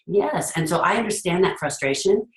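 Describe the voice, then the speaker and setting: A middle-aged woman coaching her listeners in an earnest, casual way, her voice sitting very low for a woman. She is recorded in an echoey room. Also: expressive, normal speed. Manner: earnest, acts out parents' voices. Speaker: host, leadership coach. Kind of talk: casual talk to an audience.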